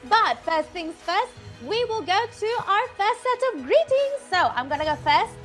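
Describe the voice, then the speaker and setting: A woman's voice: very high-pitched, very animated, normal speed, fairly bright tone, faint music behind. A young woman with a Filipino accent co-hosting a live show and reading viewer greetings, bubbly and giggly, switching between English and Tagalog. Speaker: co-host.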